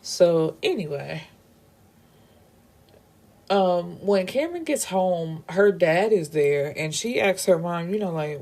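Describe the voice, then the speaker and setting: Mellow-voiced woman recapping a book. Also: lowish voice, slow, pauses often. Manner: animated, profane, acts out character dialogue. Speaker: book reviewer.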